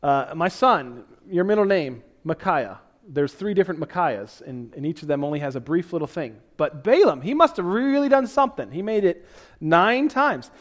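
Speaking at normal speed with lively intonation, this pastor's voice runs a little high. In his sermon he reads scripture and then unpacks it in a loose, conversational style, poking fun at himself along the way.

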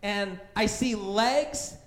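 Man pastor with a high, youthful-sounding voice, preaching casually and acting out his stories with lots of energy. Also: extremely slow. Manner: animated storytelling, acting out scared voices; conversational, many fillers like "right?" and "like". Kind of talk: sermon with personal story.

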